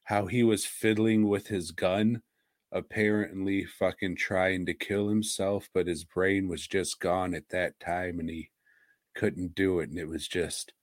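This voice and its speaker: Brief: male podcast co-host, low voice, unhurried, profane and blunt, dry close sound. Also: darkish tone, dry recording. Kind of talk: casual podcast chat.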